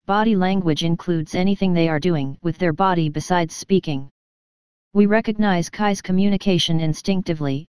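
A woman in scripted narration, reading a course lesson in an even, measured way. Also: fairly low pitch, smooth, no room sound.

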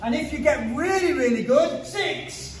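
A martial arts instructor with a very high-pitched, expressive voice teaches a children's class to camera, unhurried, upbeat and playful as he counts drills and cracks jokes. He's recorded far from the mic in an echoey hall.

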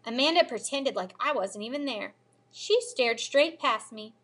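A woman teacher reading a children's novel aloud in an expressive storytelling manner. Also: a little high, a little slow. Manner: expressive storytelling, lively character voices.

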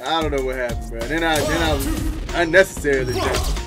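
A man's voice: mid-range voice, fast talker. A man hosting a gaming video, giving brash, slangy, trash-talking commentary as he plays, laughing often. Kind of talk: live gameplay commentary. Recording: loud game music behind voice.

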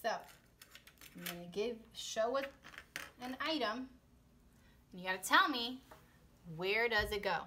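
A young woman teaching young children letter sounds, sounding them out slowly in a sing-song way and switching between English and Spanish words. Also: a little high, animated, pushed and bright, slight background noise. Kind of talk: early-childhood phonics lesson.

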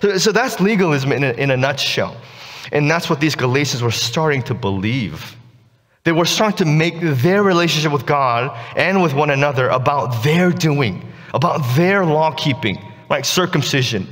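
A man's voice: a little high, expressive, normal speed, a bit bright. Casual man preaching in a reverberant church. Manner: casual, keeps asking "right?". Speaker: pastor. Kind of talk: conversational sermon. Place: church sanctuary.

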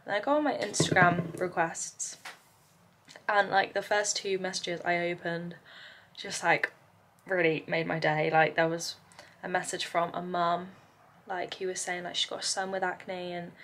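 A woman's voice: lowish voice, flat delivery, a little slow, a bit bright, slight background noise. A young woman, vlogging at home in a casual, rambling way, tired and overwhelmed. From England. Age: young adult. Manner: rambling, talks in run-on lists with many "like" fillers. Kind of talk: casual chatty vlog. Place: home, indoors.

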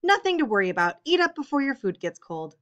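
A woman voicing a commanding socialite mother who forces a calm front, in an audiobook reading. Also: high voice, fast, highs cut off, pitched above the performer's own voice. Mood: forced calm. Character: bossy socialite mother, keeping up appearances.

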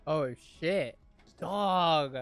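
A young man reacting to a show with loud, profane, laughing outbursts. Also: a little high, extremely slow, smooth. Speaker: reaction streamer. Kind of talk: excited reaction commentary. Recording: faint music behind.

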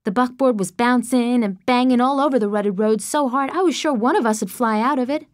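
A woman narrating an audiobook in the first person, measured and expressive, close to the mic. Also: on the high side, no room sound.

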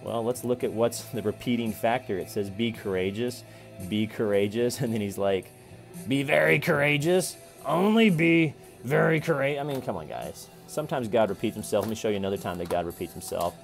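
A man in his forties giving a casual Bible reflection to camera, chatty and repetitive, with sudden loud playful callouts. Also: lowish voice, fairly quick, faint music behind. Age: 40s. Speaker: vlogger reading and reflecting on scripture.

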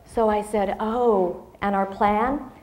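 A woman's voice: mid-range voice, fairly even intonation, slow pace, darkish tone, reverberant. A woman in her fifties giving a motivational speech to an audience, telling a personal story expressively and acting out the dialogue. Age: 50s. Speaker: motivational speaker.

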